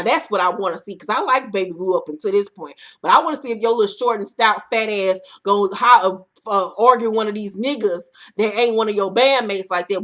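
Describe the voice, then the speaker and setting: A woman recapping a reality TV episode in casual, profane commentary, acting out the cast in loud bursts. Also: mid-range voice.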